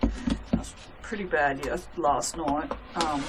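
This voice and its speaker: A woman's voice: deep voice, steady tone, slow, very noisy. A woman chatting casually to her viewers while making soap, self-mocking and talking to herself as she works. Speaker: soap maker.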